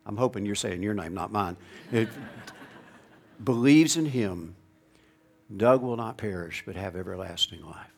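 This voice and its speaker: A man preaching a sermon, calling out to the congregation and swinging from loud declarations to hushed, slow lines. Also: lowish voice, animated, creaky, slightly rough. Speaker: pastor.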